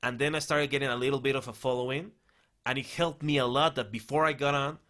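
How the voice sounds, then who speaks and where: A man's voice: mid-range voice, fairly even intonation, fast talker, sharp tone. A man from Mexico with a Mexican Spanish accent, a native Spanish speaker, chatting as a guest comedian and asking teasing questions. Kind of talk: casual comedy chat.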